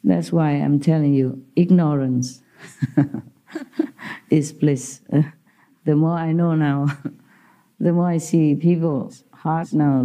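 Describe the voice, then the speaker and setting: A woman with a low voice tells stories in a chatty way, often breaking into laughter. Her English has non-native grammar, and her tone is deeply mellow and soft-edged. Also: highs cut off. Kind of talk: casual storytelling talk.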